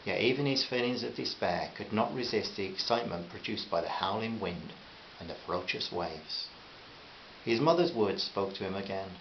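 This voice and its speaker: A man reading a short story aloud in a measured, gentle way. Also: lowish voice, animated. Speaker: story reader. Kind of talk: scripted narration. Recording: slightly dull with faint hiss.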